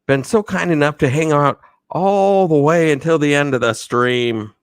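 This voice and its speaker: A man hosting a live stream, giving rambling, enthusiastic shout-outs to viewers. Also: mid-range voice, no echo. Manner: enthusiastic, rambling, repeats himself. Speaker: livestream host. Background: faint music.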